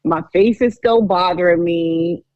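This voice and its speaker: A woman's voice: on the low side, a little slow, no room sound, phone-quality sound. A woman co-hosting a podcast, telling her own story in a candid, chatty way. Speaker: podcast co-host.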